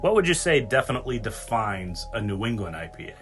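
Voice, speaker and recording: A man hosting a casual podcast, jokey and animated, swearing casually as he talks. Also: lowish voice, fast, faint music behind. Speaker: podcast host.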